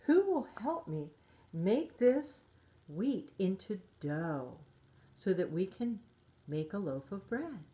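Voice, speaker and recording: A woman's voice: mid-range voice, sing-song, takes it slowly, mellow. A woman voicing a hardworking little female hen in a children's storybook reading, earnest and determined. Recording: roomy echo.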